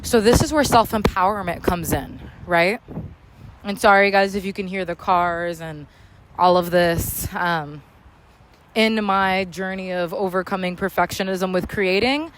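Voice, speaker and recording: Loud, candid woman podcast host. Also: fairly low pitch, measured pace, a little hiss or hum. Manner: loud, candid, slangy and profane. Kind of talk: casual motivational podcast monologue. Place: outdoors in a public spot near traffic.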